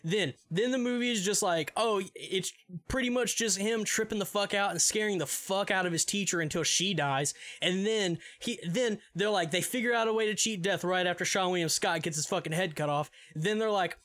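A young man with a high-pitched voice rambles through a movie recap on a podcast. He swears constantly, restarts his sentences, and breaks into laughs mid-thought. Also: fairly quick, fairly bright tone. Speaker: podcast co-host. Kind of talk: casual profane movie recap.

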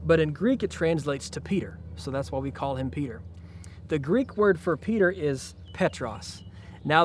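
A man preaching a sermon to a church congregation, retelling scripture in a relaxed, conversational way. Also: fairly high pitch, slight background noise. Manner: conversational, paraphrases scripture in casual speech. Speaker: pastor.

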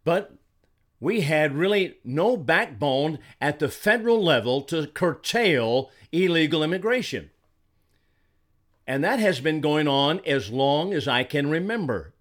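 Older male commentator from Arizona, indignant and emphatic, slightly higher voice. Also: animated, unhurried. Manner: indignant, emphatic, repeats words when heated. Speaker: political commentator. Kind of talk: solo commentary monologue.

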